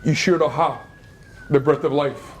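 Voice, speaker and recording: A man's voice: a little high, steady tone, a little hiss or hum, pitched below the performer's own voice, lightly acted. A man quoting a firm grandma. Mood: earnest. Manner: slow, insistent, repeating key words. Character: older Hawaiian grandmother, firm and loving.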